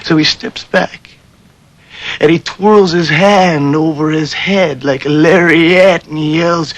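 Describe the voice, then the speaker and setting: An older man, a war veteran, telling his memories in a documentary interview with plain, unhurried storytelling. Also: on the high side, a little hiss or hum, low-quality recording.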